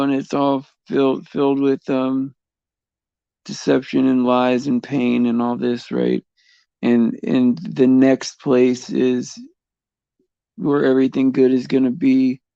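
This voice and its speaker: A man hosting a casual faith chat on a livestream, rambling and halting with many fillers, restarts and frequent chuckles. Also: medium pitch, vocal fry, dark tone, dry recording, lo-fi sound.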